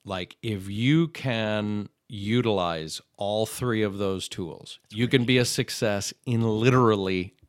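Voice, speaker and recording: A middle-aged man, a podcast guest, chatting casually and acting out voices as he tells animated stories. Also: fairly low pitch, slow, few pauses, dry recording, clean studio sound. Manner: animated storyteller, acts out voices in anecdotes.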